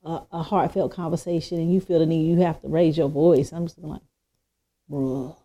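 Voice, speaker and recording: A woman co-hosting a podcast, talking in a casual, animated way and acting out quoted speech. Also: sits low, a little fast. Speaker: podcast co-host. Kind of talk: casual chat. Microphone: podcast microphone.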